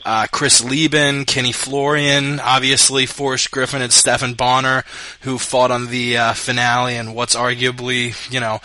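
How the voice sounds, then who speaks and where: A male host interviewing a guest, asking long, halting questions full of fillers. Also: medium pitch, level tone, sharp tone, no echo. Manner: halting, with many fillers and restarts. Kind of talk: podcast interview.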